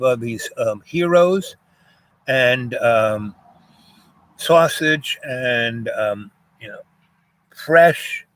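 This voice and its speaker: A man's voice: medium pitch, fairly bright tone. An older man from Jamaica telling a rambling personal story, full of "you know" and "um" fillers.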